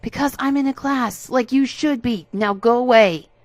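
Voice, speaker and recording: A woman's voice: medium pitch, moderate pace, dry recording, close to an everyday voice. A woman voicing a harassed young woman student who angrily tells a classmate to leave her alone. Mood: furious. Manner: shouting angrily, far from the mic.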